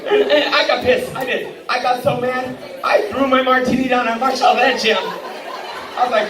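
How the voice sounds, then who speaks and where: A woman's voice: fairly high pitch, normal speed, a crowd in the background. A woman doing a stand-up comedy set, brash and profane, often laughing through her punchlines. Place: large indoor hall at a live benefit show. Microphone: phone camera from the audience, far from the stage. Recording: echoey hall recorded from far off. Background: audience laughter and room noise.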